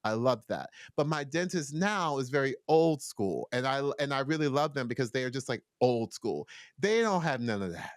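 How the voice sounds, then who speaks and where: A young man co-hosts a relaxed podcast conversation in a playful, chatty way. His pitch swings widely as he jokes and rants. The sound is dry and close with no room around it. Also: moderate pace, no echo. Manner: animated, playful, sing-song bits and mock voices. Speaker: podcast co-host. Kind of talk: casual chat.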